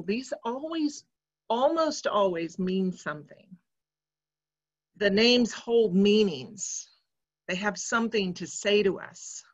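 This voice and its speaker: A woman preacher giving a sermon in a church, speaking in a measured, reflective way. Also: medium pitch, fairly bright tone, highs cut off.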